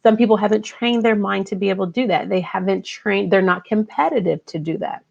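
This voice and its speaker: Gravelly-voiced woman giving a motivational talk. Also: medium pitch, brisk, lo-fi sound. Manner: conversational, repeats key phrases. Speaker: podcast host, life coach.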